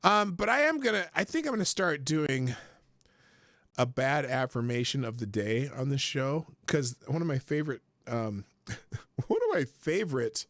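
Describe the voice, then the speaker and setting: Brief: rambling, profane male livestream host, gravelly and fairly high, dry close sound. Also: animated, moderate pace, a bit bright, no room sound. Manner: rambling, profane, chuckling often. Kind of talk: casual livestream chat. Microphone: headphones with desk mic.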